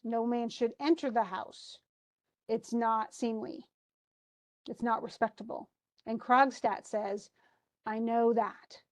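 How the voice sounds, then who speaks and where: A woman's voice: on the high side, a little mellow. Woman teacher retelling a play scene. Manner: reads quoted lines aloud with restarts and asides. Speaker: literature teacher.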